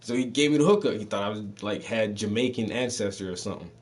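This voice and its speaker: Fast and fairly low-pitched, this podcast host from the Southern United States tells casual stories in a blend of Southern and Northern US accents. His talk is full of loose street slang and profanity, and he laughs a lot.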